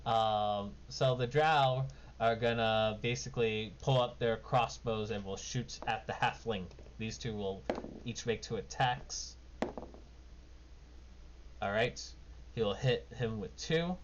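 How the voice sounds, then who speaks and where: A man's voice: on the low side, takes it slowly. A man running a tabletop game as game master, narrating casually and rambling with lots of fillers. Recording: dull lo-fi mic with faint noise.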